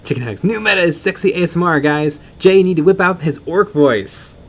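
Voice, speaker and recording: A man's voice: fairly high pitch, animated, a little fast. A man co-hosting a casual miniature-painting stream, joking and rambling as he reads chat comments. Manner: rambling, joking, with fillers and restarts.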